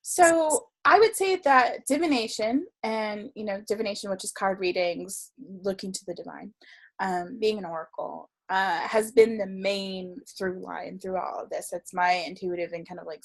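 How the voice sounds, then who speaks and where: A woman's voice: mid-range voice, normal speed. A woman guest telling a story in a casual interview, chatty and full of fillers, laughing often. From Florida. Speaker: guest, tarot reader and writer.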